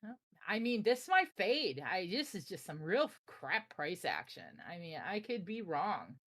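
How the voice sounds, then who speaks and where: A woman's voice: mid-range voice, a little slow. A young woman from the Chicago area with a Chicago accent, chatting casually and brashly with her live-stream audience while she trades. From Chicago area, USA. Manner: animated, brash and joking with chat.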